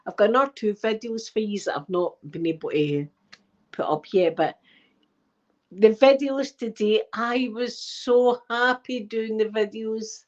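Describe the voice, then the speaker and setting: A middle-aged woman with a Scottish accent chatting warmly and emotionally to her viewers, close to tears and short of breath. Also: a little high, unhurried. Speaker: ASMR channel host. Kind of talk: casual heartfelt chat to viewers. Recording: dull lo-fi recording.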